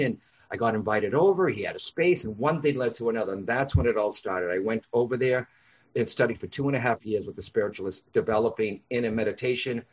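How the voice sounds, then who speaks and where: Brief: husky man, podcast guest, animated storyteller, slightly muffled lo-fi recording. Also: mid-range voice. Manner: animated, acts out voices in anecdotes. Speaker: guest, psychic medium. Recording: dull lo-fi sound.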